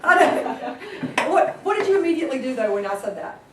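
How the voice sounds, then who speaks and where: A woman leading a live sales training class, energetic and constantly quizzing her audience. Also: high voice, fairly quick, over a noisy crowd. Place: meeting room with a group. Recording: echoey room, distant mic.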